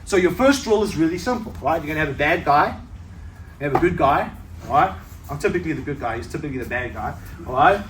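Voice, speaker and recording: High-voiced coach in an echoey hall. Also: male voice, lively intonation, fast, noisy background. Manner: conversational, checks in with "right?" constantly. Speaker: self-defense coach. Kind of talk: seminar teaching. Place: training hall at a seminar. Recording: echoey hall, mic from far off.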